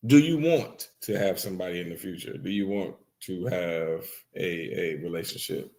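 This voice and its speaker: A man's voice: low-pitched, moderate pace, a little mellow. A man co-hosting a podcast, laid-back and playful in casual chat, reading out listener comments. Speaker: podcast co-host.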